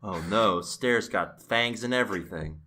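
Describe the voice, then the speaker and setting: A man's voice: lowish voice, unhurried, sharp tone. A man hosting a podcast in casual chat, dry and steering the talk. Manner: dry, wraps things up. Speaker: podcast host.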